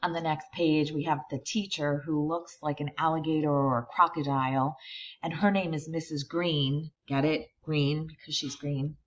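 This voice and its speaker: A woman reading a children's picture book aloud, expressive and stopping to point out the pictures. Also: low voice, highs cut off. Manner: expressive reader who pauses to explain the pictures. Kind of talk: read-aloud storytime.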